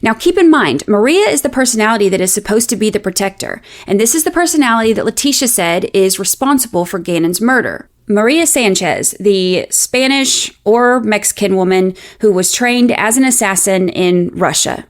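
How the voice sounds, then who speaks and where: A female podcast host narrates a scripted true-crime account, measured and explanatory with a lightly sardonic edge. Her mid-range voice is animated.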